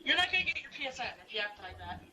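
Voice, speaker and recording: A man's voice: very high voice, big pitch swings, rapid-fire, pushed and bright. A man prank-calling over voice chat, taunting and mocking with laughter. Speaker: prank caller. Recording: distant voice-chat audio with noise.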